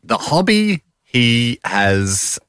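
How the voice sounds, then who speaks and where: A man's voice: mid-range voice, big pitch swings, extremely slow, fairly bright tone, clean tone, dry recording, studio quality. A man, co-hosting a radio show with jokes and rambling stories. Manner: joking, storytelling. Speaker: radio host. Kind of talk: casual comedic banter.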